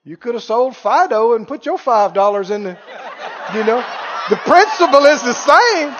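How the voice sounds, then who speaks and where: High-voiced man preaching in an echoing hall. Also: expressive, normal speed, fairly bright tone. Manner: folksy, joking, mimics critics with mock wails. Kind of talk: sermon. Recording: reverberant hall, dull lo-fi sound.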